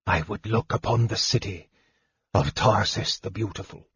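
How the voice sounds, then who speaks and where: A man voicing a frail, bitter young male mage who speaks in a soft, caustic whisper. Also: lowish voice, moderate pace. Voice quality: husky, breathy. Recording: dull dry recording.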